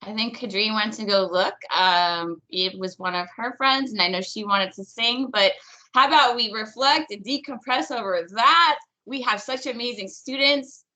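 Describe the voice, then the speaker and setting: A woman's voice: fairly high pitch, normal speed, bright, forceful tone. A young woman hosting an online event, effusive and gushing, laughing between remarks. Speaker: event host. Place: video call.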